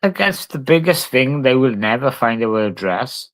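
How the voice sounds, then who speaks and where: A man's voice: mid-range voice, expressive, moderate pace, fairly bright tone. A man, talking casually and swearing a lot as he answers a live stream chat. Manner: brash, sweary, talks back to chat. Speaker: livestreamer.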